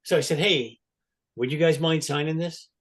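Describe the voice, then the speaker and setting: A man, a podcast guest, telling an animated story and acting out the quotes loudly. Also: on the high side, normal speed.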